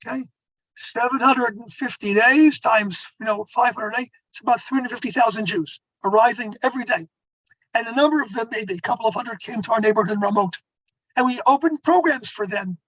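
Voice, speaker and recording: A man's voice: very high-pitched, bright, forceful tone, no room sound, low-quality recording. An older man, a rabbi, telling stories to an audience in a conversational way, with asides to his listeners. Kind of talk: storytelling talk.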